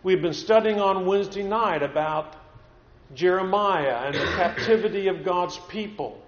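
Casting: earnest preacher, man, slightly high voice, roomy church sound on a dull lo-fi recording. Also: moderate pace, background noise. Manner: earnest, repeats words as he builds points. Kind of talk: sermon. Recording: echoey room, dull lo-fi sound.

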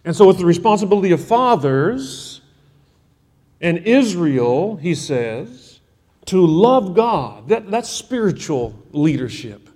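Emphatic preacher in a reverberant hall. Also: male voice, sits high, big pitch swings, slow pace, mellow. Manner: emphatic, repetitive exhortation. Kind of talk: sermon.

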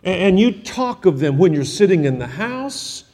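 A man's voice: sits high, very animated, moderate pace, a little mellow, big-room sound. A man preaching a sermon to fathers, driving his points home through emphatic repetition.

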